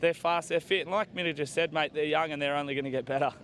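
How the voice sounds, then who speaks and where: A man, a team captain, relaxed and friendly in a post-match interview outdoors. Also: fast. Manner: relaxed, friendly, says mate often. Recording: outdoors with faint rumble.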